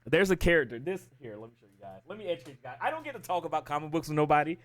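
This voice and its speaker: A man's voice: on the high side, racing, no echo. A man livestreaming and chatting casually, ranting with lots of swearing while retelling a story. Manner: profane, ranting, animated storytelling. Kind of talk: casual chat.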